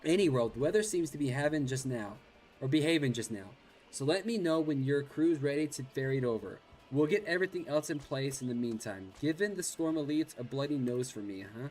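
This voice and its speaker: A man's voice: mid-range voice, animated, a little fast, darkish tone, close to an everyday voice, low-quality recording. A man reading a seafaring lookout's game dialogue aloud in his own plain voice, without the pirate accent. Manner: reads aloud, refusing the pirate voice. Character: salty seafaring lookout watching the weather.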